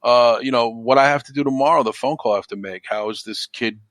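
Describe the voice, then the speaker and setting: A man's voice: medium pitch, quick pace, a bit bright, no echo. A man talking as a podcast guest in a rambling, repetitive way, with lots of "you know.". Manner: rambling, repeats himself, frequent "you know". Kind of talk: casual conversation.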